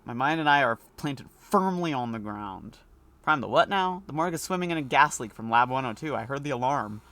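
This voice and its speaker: A man putting on a nerdy voice for a young male scientist in a video game, fussy and high. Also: animated, fairly quick, a bit bright, dry recording. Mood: flustered.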